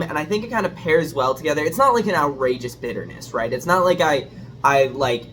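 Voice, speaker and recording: Man, casual food review vlog, animated up-and-down pitch, hesitant rambling, faint dishwasher noise. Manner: rambling, hesitant, self-deprecating. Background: dishwasher running.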